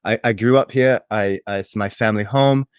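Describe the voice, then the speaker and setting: A man's voice: lowish voice, fairly quick, clean tone, dry recording, natural voice. Man doing a shaken neighbor, swearing, rambling, dry close mic. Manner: swearing, rambling, repeats himself. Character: shocked foul-mouthed male neighbor witness. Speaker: podcast co-host. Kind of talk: improvised comedy sketch.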